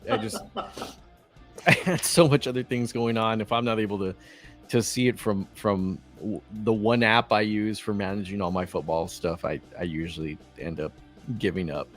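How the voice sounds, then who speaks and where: A man's voice: lowish voice, moderate pace, faint music behind. A man with a Texas accent co-hosting a casual wrestling chat show, rambling with many fillers and restarts. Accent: Texan. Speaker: co-host.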